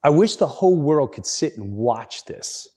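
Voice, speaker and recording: A man's voice: fairly high pitch, big pitch swings, moderate pace, warm tone. A middle-aged man, a comedian hosting a podcast, telling a story in a casual, rambling way with frequent restarts.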